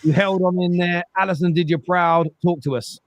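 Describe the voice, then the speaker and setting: A man's voice: sits high, steady tone, moderate pace, dry recording. A man hosting a live football reaction stream, chatting casually and reading out viewer messages. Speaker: show host.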